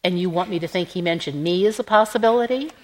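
A man's voice: high voice, fast, lightly acted, rough recording. A woman voicing a dry, sardonic middle-aged husband in an audiobook. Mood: wry.

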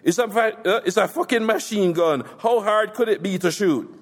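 A man's voice: high voice, normal speed, big-room sound, voice pushed up. A man voicing a foul-mouthed, furious gangster who talks in a crude, boastful, mocking way. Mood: scornful.

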